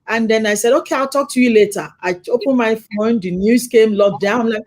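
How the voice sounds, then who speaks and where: A middle-aged woman hosting a casual chat, telling stories in a lively way, acting out quoted lines and laughing often. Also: a little high, a little fast, hardly any pauses. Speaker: host.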